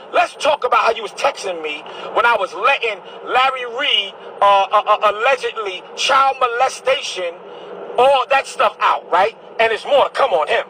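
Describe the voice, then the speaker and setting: A bishop delivers a heated monologue straight to camera. This man's voice sits high and rings bright and forceful. He is combative and preachy, and he hammers the same phrases again and again. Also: slight background noise, poor audio. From Brooklyn, New York.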